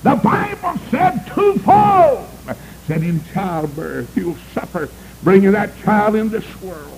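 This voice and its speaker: A man's voice: big pitch swings, slow, slight background noise, low-quality recording. Emphatic preacher man. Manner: emphatic, swooping pitch, calls for amens. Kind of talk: sermon.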